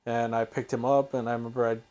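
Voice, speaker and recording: Brief: young male podcast host, halting emotional storyteller, speaking softly. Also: medium pitch, level tone, a little hiss or hum. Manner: halting, emotional, soft-spoken.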